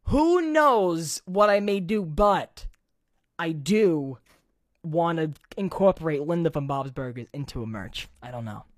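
Casting note: young New man, podcast host, lively swooping delivery, foul-mouthed, dry close sound. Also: a little high, unhurried, dry recording. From Brooklyn, New York. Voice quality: animated, swings his voice up and down, swears a lot. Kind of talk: casual chat.

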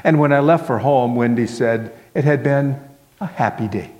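A man's voice: medium pitch, normal speed, darkish tone. A male pastor telling a story in a sermon, in a folksy way that fills it with "well" and "kinda". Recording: long hall reverb.

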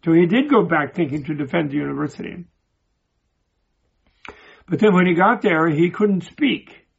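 A man with a very gravelly, husky voice and a slightly raised pitch gives an informal spiritual teaching. He talks haltingly, doubling back on his words as he tells old stories. The recording sounds dull and lo-fi. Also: animated. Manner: halting, repeats and restarts words, digressive. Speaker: Buddhist teacher. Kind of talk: informal spoken teaching with storytelling.

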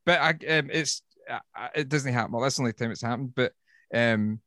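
A Scottish man, a woodworker guest on a podcast, telling stories in a casual, sweary, animated way. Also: medium pitch, a little fast, no room sound, clean studio sound. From Scotland. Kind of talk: casual chat.

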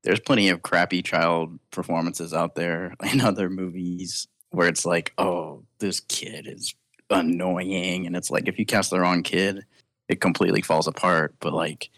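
A man with a very low voice chats about a movie on a podcast. He sounds upbeat and chuckles often as he talks. The sound is dry and close, with no room around it. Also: fairly bright tone, no echo. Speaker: podcast co-host. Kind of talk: casual podcast film chat.

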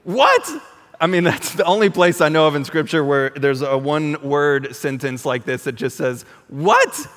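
Pastor, male, fairly high voice, casual preaching, long church reverb. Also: moderate pace, hardly any pauses. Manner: conversational, animated, repeats words when restarting. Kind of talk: sermon.

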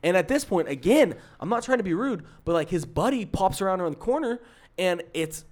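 A young man co-hosting a podcast, telling an exasperated story in a casual, animated way, full of fillers. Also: high-pitched, fairly quick. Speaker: podcast co-host.

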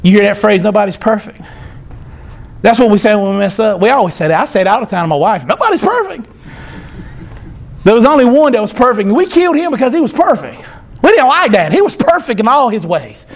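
A man preaching a sermon as pastor, animated, swinging from loud to soft. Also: sits high, fast talker, creaky.

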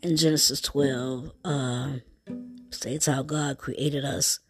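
A woman's voice: rumbling low, steady tone, slow. A woman reading a children's storybook aloud and turning it into an informal sermon, in a folksy manner that calls the listener "baby". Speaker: storyteller and lay preacher. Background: guitar music.

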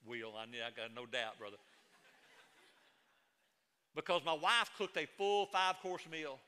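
A man's voice: fairly high pitch, measured pace, bright, forceful tone, smooth, big-room sound. A middle-aged man preaching a sermon as a pastor, moving between folksy stories and emphatic proclamation.

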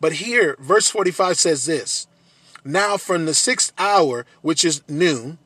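A man's voice: fairly high pitch, lively intonation, takes it slowly, pushed and bright, breathy edge, dry recording. A man preaching a sermon, earnest, repeating phrases and building to emphatic peaks.

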